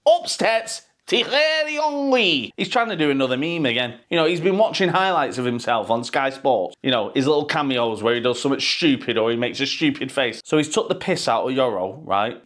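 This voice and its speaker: A man delivers a football fan vlog as a running rant. His talk is full of sarcasm and swearing. His voice sits at an everyday middle pitch. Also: fairly bright tone.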